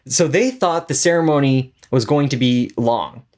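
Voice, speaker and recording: A male podcast co-host in loose, casual chat. His voice sits at an ordinary middle pitch. He talks with lots of fillers and restarts and an exasperated, animated tone. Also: normal speed.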